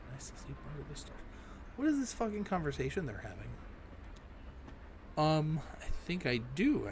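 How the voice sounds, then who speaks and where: A man's voice: fairly high pitch, wildly swooping pitch, normal speed, long pauses. A man reading a game's dialogue aloud and breaking in with sarcastic, swearing asides as a let's play host. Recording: clear background noise.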